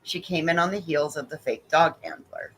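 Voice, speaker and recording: A woman chatting casually on a live stream panel. She talks in a playful, friendly way, and her voice has a bright, sharp edge. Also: low voice, moderate pace, a little hiss or hum, poor audio.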